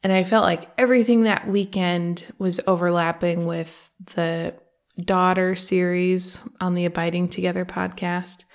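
A woman with a low, creaky voice hosts a reflective faith podcast. She speaks earnestly and conversationally, reading quotes aloud from a book.

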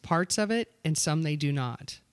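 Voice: medium pitch, animated, normal speed, dry recording. Playful radio co-host, dry sound. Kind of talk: casual radio banter.

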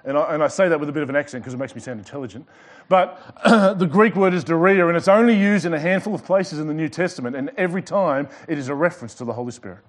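A man's voice: a little high, fast talker. Man preaching with rising and falling force. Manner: preaching with swings from loud emphasis to quiet; light joking asides. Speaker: pastor. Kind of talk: sermon. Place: church service before a congregation.

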